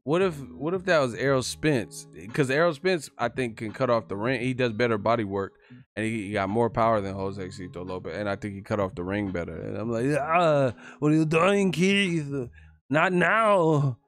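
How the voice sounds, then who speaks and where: A man hosting a live stream, giving casual, profane fight commentary, animated and quick to laugh. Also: lowish voice, soft background music. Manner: animated, profane, laughing, breaks into yelled impressions.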